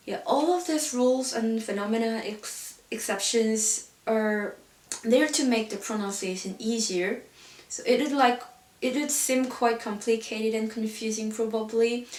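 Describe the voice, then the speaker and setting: A woman with a somewhat high voice leads an online pronunciation lesson. She explains each point patiently and fills gaps with a relaxed "so yeah." The sound is roomy and reverberant, with her voice heard from a little way off the mic. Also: distant mic. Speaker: language teacher. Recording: roomy echo, voice set back from the mic.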